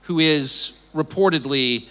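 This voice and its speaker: A middle-aged American television host gives a public speech before a live audience in an event hall. His voice is on the high side, slow, pushed and bright, and his emphatic delivery is full of sardonic, mocking asides.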